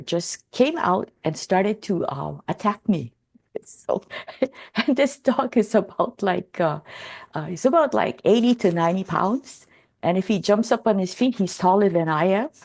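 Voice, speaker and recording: A woman in a group talk slowly telling a personal story in a calm, rambling way, full of fillers and restarts. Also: medium pitch. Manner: rambling, lots of "you know" and restarts, calm. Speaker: Ho'oponopono instructor.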